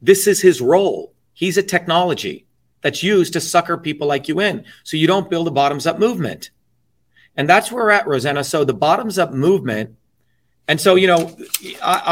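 A middle-aged man talking politics in an interview, emphatic and blunt, swearing freely and filling pauses with "you know". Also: on the high side, lively intonation, a bit bright. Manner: emphatic, blunt and profane, with many you-knows. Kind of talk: impassioned political talk.

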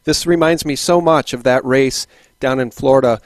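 A man's voice: mid-range voice, moderate pace, no room sound. A man hosting an interview over a video call, plainly summarizing details for the audience. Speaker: host.

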